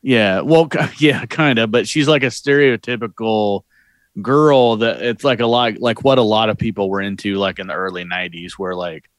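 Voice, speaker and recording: A man's voice: on the low side, normal speed, dry recording, clean studio sound. A man co-hosting a casual movie podcast who rambles through his points with many fillers. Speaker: podcast co-host.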